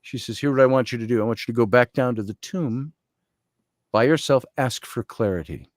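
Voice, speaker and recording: A man guest, an Egyptologist, telling a story in conversation, animated and quoting others, and slowly reading aloud from a journal. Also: medium pitch, no echo, studio quality. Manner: animated storytelling with quoted voices.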